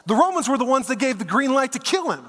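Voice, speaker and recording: A male pastor with a high voice preaches a sermon in an echoing church auditorium. His pitch swings widely, his pace is quick and his tone fairly bright, and he tells stories conversationally with casual asides like "man" and "dude."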